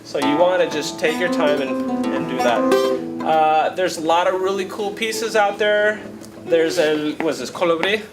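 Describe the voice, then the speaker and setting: A man with a fairly high voice runs a relaxed flamenco guitar workshop, talking in an easygoing, encouraging way. Loud guitar playing sits right under his voice throughout. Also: measured pace, rough recording. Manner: chatty, encouraging, with frequent "right?" and "okay?". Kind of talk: casual workshop teaching. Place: workshop room.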